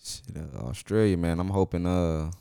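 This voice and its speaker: A man's voice: low-pitched, steady tone, normal speed, mellow, clean tone, no echo, studio quality. A man co-hosting a podcast, chiming in with short joking asides during casual banter. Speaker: podcast co-host.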